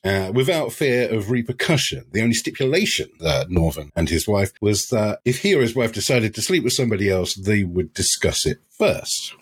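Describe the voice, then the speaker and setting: A young man from England co-hosts a casual comedy podcast. He tells a rambling story with lots of laughter and swearing. His voice is husky and sits fairly low, but it swings around a lot with his mood. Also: big pitch swings, normal speed, hardly any pauses. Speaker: podcast co-host telling a story.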